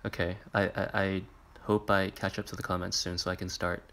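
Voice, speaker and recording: Speaking quickly yet without much inflection, a young streamer reacts to music videos and reads out viewer comments. His talk is low-key, rambling and filler-heavy, and pop music plays in the background.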